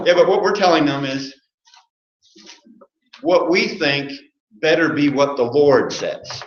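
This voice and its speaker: A man's voice: a little high, lively intonation, moderate pace, slight background noise. A man preaching an interactive sermon from a church pulpit, asking the congregation questions and joking along the way. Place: church sanctuary. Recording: roomy muffled church recording.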